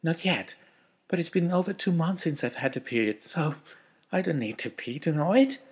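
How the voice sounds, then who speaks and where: A man voicing a gentle, frightened young wife in a read-aloud story, with soft, pleading lines. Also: fairly high pitch, big pitch swings, moderate pace, slightly rough, pitched above the performer's own voice, exaggerated voice. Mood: hopeful.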